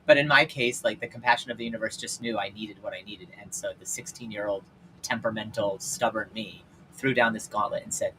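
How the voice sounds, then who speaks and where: A man hosting his own show, telling personal stories in a casual, candid way with lots of fillers, swinging between loud and hushed. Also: fairly low pitch, fairly even intonation, brisk, a little hiss or hum, rough recording. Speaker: podcast host and life coach. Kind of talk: personal storytelling monologue.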